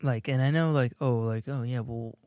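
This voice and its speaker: A man's voice: medium pitch, moderate pace, mellow, smooth, no echo, studio quality. A man co-hosting a casual podcast, rambling through his thoughts with lots of fillers and restarts. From Illinois, USA. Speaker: podcast co-host. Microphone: video podcast studio mic.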